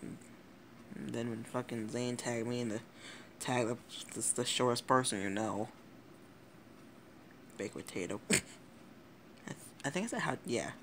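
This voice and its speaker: Giggly teen guy with a gravelly voice. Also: medium pitch, a little slow, pauses often, fairly bright tone, a little hiss or hum. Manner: giggly, rambling, swears often, self-interrupting. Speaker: YouTuber. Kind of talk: casual rambling vlog commentary.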